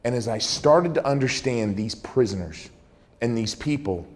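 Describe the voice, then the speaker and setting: A man's voice: mid-range voice, expressive, moderate pace, darkish tone. A man giving a dramatic storytelling talk as a keynote speaker, acting out the dialogue he recounts. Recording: echoey hall reverb.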